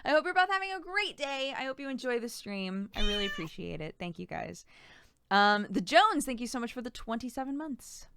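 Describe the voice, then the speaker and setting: A woman's voice: fairly high pitch, sing-song, a little fast, a bit bright, clear, resonant tone. A woman streamer chatting casually, giggling and thanking subscribers by name. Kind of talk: casual live-stream chat.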